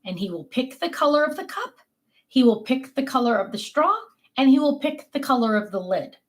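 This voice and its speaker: A woman's voice: high-pitched, a little fast. Chatty older woman hosting a craft stream. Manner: chatty, animated storytelling with laughs. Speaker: host of a crafting livestream. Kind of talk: casual chat to viewers.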